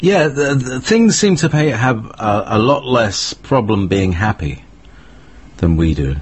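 A man's voice: mid-range voice, sing-song, unhurried, breathy edge. A man hosting a casual spiritual conversation, speaking reflectively and asking his guest questions.

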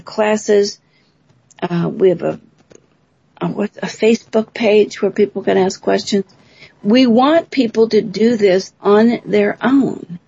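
Gravelly husky woman talking on and on as a radio guest, muffled lo-fi sound. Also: medium pitch, warm tone, no echo. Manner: talkative, long explanations. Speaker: guest, bioacoustics researcher and teacher. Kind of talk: explaining on a radio interview.

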